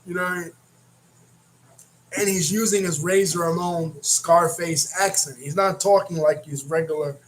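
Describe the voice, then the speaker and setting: A man's voice: fairly high pitch, a little hiss or hum, low-quality recording. A man hosting a casual wrestling recap, rambling and often restarting his words. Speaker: wrestling reaction host.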